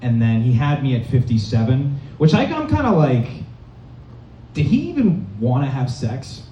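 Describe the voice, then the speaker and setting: A young man from Massachusetts doing a rambling stand-up set in a comedy club, deadpan and full of fillers. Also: medium pitch, moderate pace, a little hiss or hum. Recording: dull, roomy, distant club recording.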